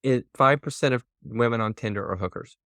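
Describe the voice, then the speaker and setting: A man's voice: mid-range voice, brisk, a bit bright, no room sound, studio quality. A man in his fifties, a podcast guest chatting candidly and laughing easily. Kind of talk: casual podcast conversation.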